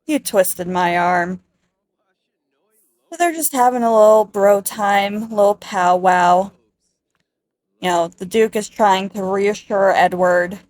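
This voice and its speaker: A woman's voice: medium pitch, a little slow, darkish tone. A woman giving casual, wry let's-play narration over a life-sim game. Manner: chatty, wry commentary on the game. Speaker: gameplay narrator.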